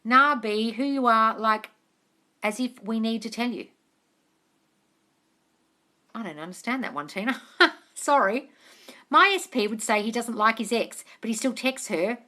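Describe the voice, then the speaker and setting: A woman's voice: a little high, lively intonation, measured pace, long pauses, pushed and bright. A woman with an Australian accent hosting a casual live-stream Q&A as a manifestation coach, reading out viewer comments. She talks bluntly, swears freely and calls her viewers darling. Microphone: phone on a live stream.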